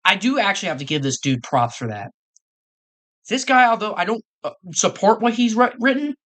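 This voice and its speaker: A streamer reacting live to a video, talking casually in an excitable, rambling way with frequent laughs. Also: mid-range voice.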